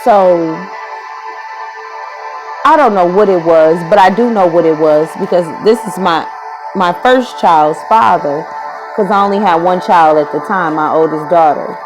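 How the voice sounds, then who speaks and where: A woman's voice: fairly low pitch, unhurried, music in the background, poor audio. A woman in her thirties casually telling a personal story, rambling and correcting herself as she goes. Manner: rambling, self-correcting, candid. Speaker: vlogger.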